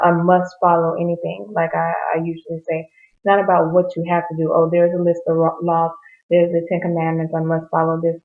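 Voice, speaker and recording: A woman giving an earnest, rambling Bible reflection in a casual way, often restarting her sentences. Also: on the low side. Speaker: Bible devotional speaker. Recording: tinny phone-like lo-fi audio.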